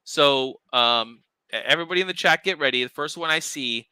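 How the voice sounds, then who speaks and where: A young man co-hosting a casual livestream, talking excitedly and rambling with lots of fillers and restarts. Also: a little high, brisk, clean tone, no echo, poor audio. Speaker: livestream co-host, crystal maker.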